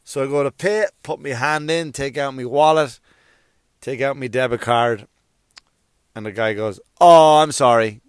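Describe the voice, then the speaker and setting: A man's voice: mid-range voice, normal speed, long pauses, clean tone, no room sound, clean studio sound. A man hosting a comedy podcast, telling a rambling story and acting out the quoted lines. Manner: rambling, animated retelling with acted-out quotes. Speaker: podcast host. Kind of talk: casual comic storytelling.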